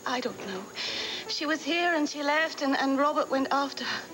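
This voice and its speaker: A woman's voice: sits high, moderate pace, natural voice, low-quality recording. An actress playing a needy young bride-to-be pleading with her father in a soap opera. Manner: pleading and emotional. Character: spoiled young bride, needy and tearful daddy's girl. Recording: music under the dialogue.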